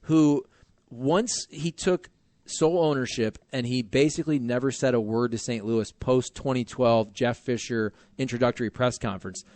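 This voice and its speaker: A male sports radio host talks in a loose, animated way, tossing in jokes and quick asides. His voice sits in an ordinary middle pitch. The sound is dry and close, with no room around it. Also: no echo. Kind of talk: casual sports radio chat.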